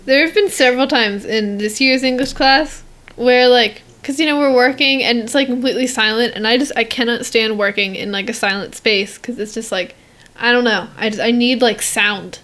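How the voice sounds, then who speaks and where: A woman's voice: a little high, normal speed, a bit bright. A teenage girl co-hosting a podcast, chatting casually, rambling with lots of fillers and giggles. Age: teens. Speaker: podcast co-host. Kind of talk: casual chat.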